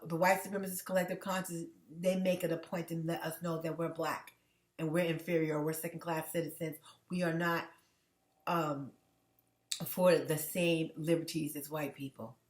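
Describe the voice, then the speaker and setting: Earnest woman vlogger in an echoey room. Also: sits low. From United States. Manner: earnest, emotional, halting with frequent restarts. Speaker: channel host. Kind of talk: direct-to-camera commentary vlog.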